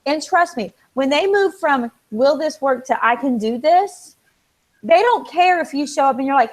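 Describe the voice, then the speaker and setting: A woman's voice: high-pitched, moderate pace, rough recording. A woman co-hosting a casual chat, telling stories animatedly and acting out the people she quotes. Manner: animated storyteller, acts out quoted dialogue. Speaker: co-host.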